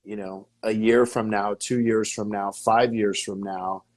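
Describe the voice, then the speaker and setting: A man with a fairly low voice talks as a podcast guest, coaching listeners on marketing. He speaks with emphasis and energy, repeats his words and poses rhetorical questions to them. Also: fairly even intonation, a little slow.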